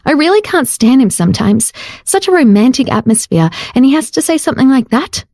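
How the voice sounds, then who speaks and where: A shy, affectionate young woman speaks in a raised, earnest voice, as a woman narrator puts her on. Her tone is warm and mellow. The recording is close and dry, with no room sound. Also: sing-song, fairly quick, no room sound, full character voice. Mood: flustered. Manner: pitched up, earnest and emotional. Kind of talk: audiobook character voice.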